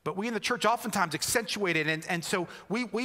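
A man from the United States preaches a reflective sermon in a high, bright voice. He often restarts and repeats his words, and he grows animated when he quotes other people. His voice rings with long reverb through a church sanctuary. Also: fast talker, few pauses. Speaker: pastor.

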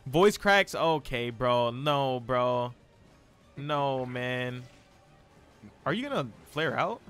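Excitable young male game streamer. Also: mid-range voice, slow, clear, resonant tone, soft background music. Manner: excitable, slangy, self-mocking. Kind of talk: live gameplay commentary.

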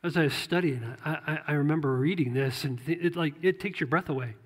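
Male pastor, sermon, high voice, conversational, repeats phrases, long church-hall reverb. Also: fast talker, slightly rough. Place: church sanctuary.

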